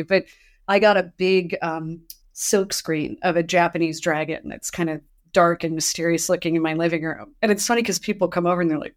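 A woman hosting a podcast in casual chat, telling stories animatedly and acting out quotes. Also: lowish voice. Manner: animated storyteller, acts out quotes. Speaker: podcast host.

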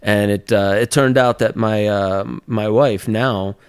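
A man with a smooth, resonant voice sitting low in pitch recounts a personal story as an interview guest. His telling is loose and chatty, full of fillers and quick laughs. The sound is close and dry, with no room around it. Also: fairly even intonation, no echo. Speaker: podcast guest, documentary maker on a speaking tour.

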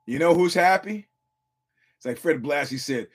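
A man's voice: on the high side, lively intonation, moderate pace, slightly rough. A male podcast host giving casual fight commentary. He tells profane stories, acts out quotes, repeats and restarts his words, and chuckles often.

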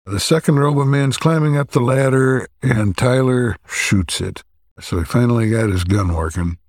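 A man co-hosting a podcast, recapping a story's plot in a relaxed, halting way with frequent pauses. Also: medium pitch, no echo, studio quality. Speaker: podcast co-host.

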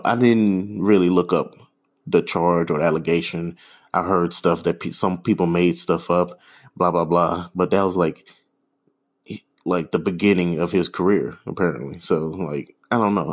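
A man with a very deep, low voice rants on his own podcast. He rambles and swears freely, stumbling over fillers and breaking into scoffing laughs. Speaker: podcast host. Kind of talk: casual solo rant.

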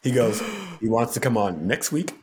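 A man's voice: medium pitch, expressive, normal speed, noisy background. Guy on a podcast telling a wild story, laughs a lot, does the voices. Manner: acts out quoted voices, laughs often. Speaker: podcast guest, TV producer. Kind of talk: animated storytelling.

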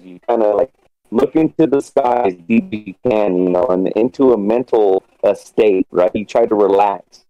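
A man's voice: on the low side, dark tone, no echo. A man in casual podcast chat, rambling with lots of fillers and restarts, swearing casually. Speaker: guest. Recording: dull lo-fi sound.

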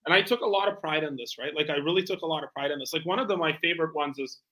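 Fast, bright-voiced man telling sales stories. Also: fairly high pitch, poor audio. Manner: energetic, animated, acts out phone calls. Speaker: guest, bespoke tailor and founder. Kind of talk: casual interview storytelling.

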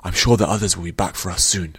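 A man voicing a calm, steady older male soldier. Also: low voice, quick pace, breathy edge, dry recording, heavily acted. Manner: remarkably calm.

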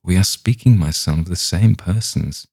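A man voicing a grave, gentle old rabbi who speaks slowly, with old-fashioned phrasing. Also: low voice, vocal fry, breathy edge, dry recording, studio quality, heavily acted. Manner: measured, compassionate, archaic phrasing.

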